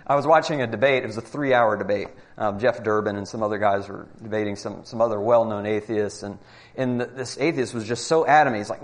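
A man's voice: medium pitch, a little fast. A man giving a Christian apologetics talk to a live group, arguing emphatically with rhetorical questions.

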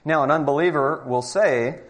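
A man's voice: fairly high pitch, moderate pace. A man giving a Christian apologetics talk to a live group, arguing emphatically with rhetorical questions.

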